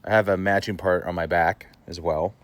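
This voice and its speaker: A man's voice: deep voice, steady tone, normal speed, dry recording. A man vlogging to the camera, telling a story in a blunt, casual way and swearing freely.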